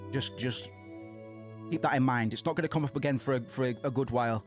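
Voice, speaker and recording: A man streaming himself playing a video game, chatting excitedly into a desk microphone, swearing and restarting his sentences. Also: mid-range voice, quick pace, music in the background. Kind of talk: casual let's-play commentary.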